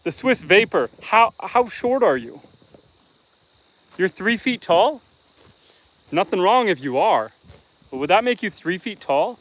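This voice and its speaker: A fairly high-voiced middle-aged man from Canada hosts a live stream from his farm. He chats outdoors among his animals in an easygoing, teasing way, and farm animals can be heard behind him. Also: very animated, a little slow, pauses often, fairly bright tone, rough recording. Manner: easygoing, chatty, teasing viewers. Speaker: homestead livestreamer. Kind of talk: casual live-stream chat reading viewer comments.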